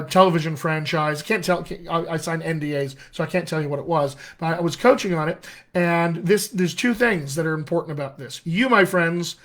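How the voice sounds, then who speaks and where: Friendly guy coaching accents on a live stream, chatty and salesy, voice a bit on the high side. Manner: reads out viewer comments. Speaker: dialect coach. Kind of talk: casual livestream talk to viewers.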